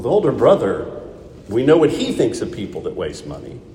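A man's voice: a little high, warm tone. A man preaching a sermon, reading scripture and asking his listeners rhetorical questions. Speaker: pastor. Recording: echoey hall, speaker far from mic.

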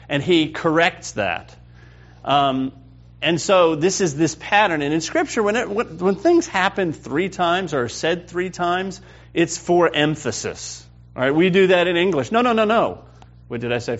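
A man teaching a Bible class in a conversational, animated way, often checking with the group. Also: on the high side. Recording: dull lo-fi recording.

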